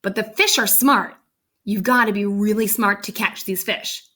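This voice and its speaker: A woman voicing an earnest, cautious father in a read-aloud storybook, drawing out his warnings slowly. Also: medium pitch, steady tone, bright, forceful tone. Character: cautious fisherman dad, earnest and fussy.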